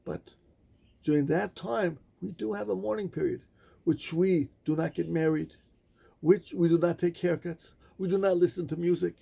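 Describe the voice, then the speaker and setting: A rabbi delivers a sermon and tells its story in measured phrases with dramatic pauses. His voice is strongly gravelly and husky, and it is fairly high for a man. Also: fairly even intonation, warm tone.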